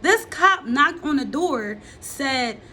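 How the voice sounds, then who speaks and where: A young woman recounts her story directly to her viewers, blunt and unfiltered, swearing freely. Her voice sits a little high and sounds bright and forceful. There is a faint hiss behind her. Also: expressive, slow pace. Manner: blunt and profane, talking straight to viewers. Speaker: vlogger telling her life story. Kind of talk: candid confessional storytelling to camera.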